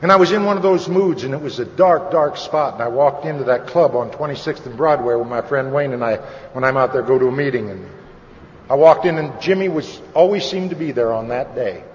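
A man's voice: medium pitch, a little fast. A man sharing his personal recovery story with an audience, candid and conversational, with wry humor. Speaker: speaker at a recovery meeting. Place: meeting hall. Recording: lo-fi recording with long hall reverb and faint noise.

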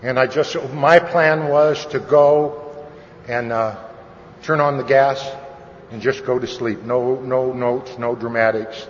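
A man sharing his personal recovery story with an audience, candid and conversational, with wry humor. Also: medium pitch. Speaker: speaker at a recovery meeting. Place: meeting hall. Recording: lo-fi recording with long hall reverb and faint noise.

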